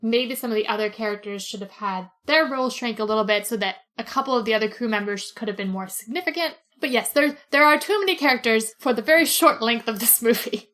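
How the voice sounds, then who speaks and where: A chatty woman co-hosts a podcast, rambling casually with plenty of fillers and easy laughter. Her voice sits a little high. She talks in an unhurried, conversational way. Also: fairly bright tone. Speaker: podcast co-host. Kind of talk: casual chat.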